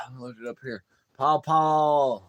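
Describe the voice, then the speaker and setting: A man's voice: medium pitch, steady tone, slow pace, noisy background. A man hosting a casual live stream, joking, laughing often and cursing freely.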